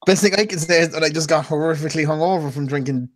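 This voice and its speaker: A man's voice: a little high, racing. A young man chatting casually on a podcast, rambling through a story and swearing freely. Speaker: podcast co-host. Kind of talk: casual chat.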